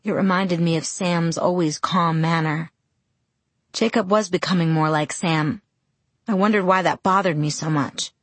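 Woman narrating an audiobook in a husky voice. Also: on the low side, fairly even intonation, moderate pace, no room sound. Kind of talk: first-person audiobook narration.

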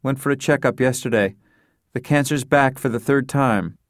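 A man reading the part of a gentle middle-aged wife, speaking in a softly raised voice. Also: mid-range voice, normal speed, no echo, studio quality, voice pushed up, lightly acted. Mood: sad.

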